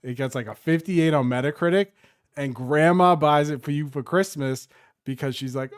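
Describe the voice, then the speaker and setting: A man's voice: medium pitch, smooth, no room sound, studio quality. A young adult man co-hosting a casual gaming podcast, riffing and mocking company voices. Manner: animated, quick to act out mocking voices. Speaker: podcast co-host. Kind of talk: casual chat.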